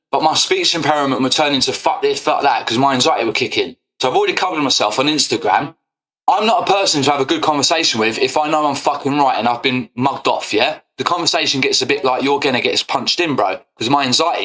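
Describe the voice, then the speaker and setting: A man's voice: medium pitch, pushed and bright. Furious swearing man. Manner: confrontational, swearing, repetitive "yeah?". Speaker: football fan channel host. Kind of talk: angry rant to camera.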